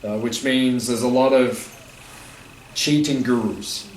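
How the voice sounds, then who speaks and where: Speaking slowly with fairly even intonation, a mid-range male voice comes from afar in a reverberant festival gathering room with faint noise. He is a spiritual teacher chatting casually and joking with a live crowd, using many fillers.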